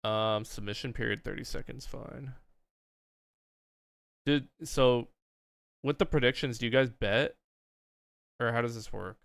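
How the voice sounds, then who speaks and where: A young man hosting a livestream, chatting casually and thinking aloud in a relaxed way. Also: mid-range voice, a little slow, creaky, pauses often, dry recording. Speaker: streamer host.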